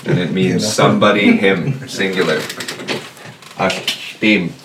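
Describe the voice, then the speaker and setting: A man teaching a language class, patiently explaining and slowly repeating words for his students. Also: low voice, fairly even intonation. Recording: echoey room, distant mic, faint noise.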